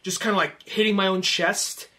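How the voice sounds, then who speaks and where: A man with a high, bright voice co-hosts a casual comedy podcast. He rambles through his stories, swears freely and acts out the voices of the people in them. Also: steady tone, normal speed. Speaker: podcast co-host.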